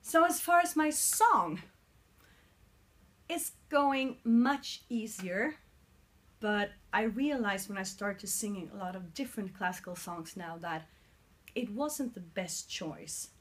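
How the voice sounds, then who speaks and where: A woman's voice: medium pitch, lively intonation, slow. A woman with a Swedish accent in her forties, explaining her singing progress in a casual vlog recorded on a mobile phone, earnest and sometimes searching for words. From Sweden. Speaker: singer vlogging her vocal training.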